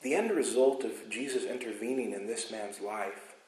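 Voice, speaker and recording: A man preaching a sermon as pastor, emphatic, moving between loud insistence and quiet asides. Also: on the low side, normal speed, echoey room, rough recording. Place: church sanctuary.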